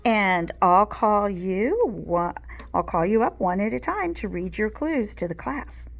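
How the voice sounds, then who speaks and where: A woman's voice: medium pitch, lively intonation, measured pace, creaky. A woman voicing a patient but firm female schoolteacher in a storybook read aloud, in an orderly classroom tone. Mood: firm teacherly.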